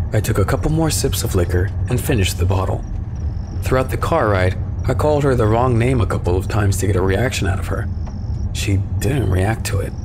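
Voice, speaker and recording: A man calmly narrating a first-person horror story from a script. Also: lowish voice, noisy background.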